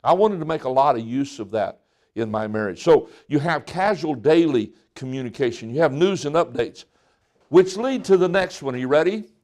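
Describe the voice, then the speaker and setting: A man's voice: fairly high pitch, animated, moderate pace, darkish tone. A man in his sixties preaching a sermon in a folksy storytelling way, often restarting his sentences. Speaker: pastor.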